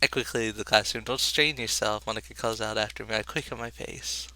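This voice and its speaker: Very bright-voiced man reading a visual novel aloud. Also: on the low side, flat delivery, quick pace. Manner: profane, jokey, reads narration with rising emotion. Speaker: let's play host.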